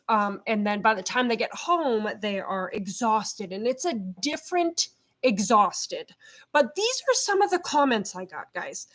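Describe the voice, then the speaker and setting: A middle-aged woman, a behavior consultant, talking casually to her camera in a feisty, loud, fired-up way. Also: fairly high pitch. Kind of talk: casual vlog talk to camera. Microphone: camera set up at home.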